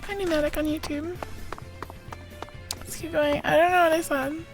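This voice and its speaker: A woman's voice: high-pitched, fairly even intonation, normal speed. A young woman chatting casually on a live gaming stream, rambling and answering chat offhand. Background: background music playlist.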